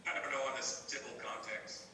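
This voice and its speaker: Male participant in a group discussion, crisp and matter-of-fact, very bright timbre, heard from a distance with faint hiss. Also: medium pitch, fairly even intonation, a little fast. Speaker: Bible study participant. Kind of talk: conversational interjections. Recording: roomy echo, distant mic, faint hiss.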